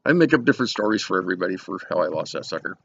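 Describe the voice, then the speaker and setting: A man's voice: low voice, big pitch swings, very fast, gravelly, fairly bright tone, breathy edge. A middle-aged man chatting casually to camera as a cigar reviewer, rambling and joking at his own expense. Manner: rambling, jokey, self-deprecating. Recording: dull lo-fi home recording with faint noise.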